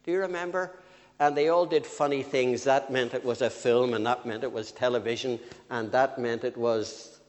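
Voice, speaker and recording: An older man preaching a sermon, swinging from loud emphatic phrases to quiet asides. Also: medium pitch. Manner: lively with sudden rises and drops, slow emphatic phrasing. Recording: long reverb of a church hall.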